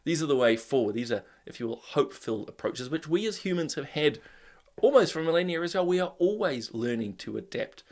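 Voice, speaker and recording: A man's voice: on the high side, lively intonation, brisk. A man with a New Zealand accent hosting a live show, greeting viewers by name and giving opinions in a loose, conversational way with lots of "uh" and "look". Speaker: host. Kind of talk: casual live-stream commentary.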